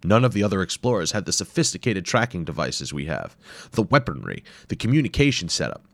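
A man's voice: deep voice, big pitch swings, brisk, vocal fry, no echo, heavily acted. A man doing a confident, teasing ninja archaeologist.

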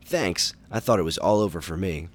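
A man's voice: low-pitched, normal speed. A man voicing a plucky young male robot superhero in a storybook reading, eager and relieved.

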